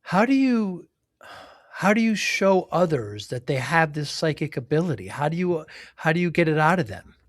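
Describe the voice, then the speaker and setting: A man's voice: a little high, big pitch swings, moderate pace, no room sound, studio quality. A middle-aged man hosting an interview podcast, reflective and attentive as he asks questions. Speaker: podcast host. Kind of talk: interview conversation.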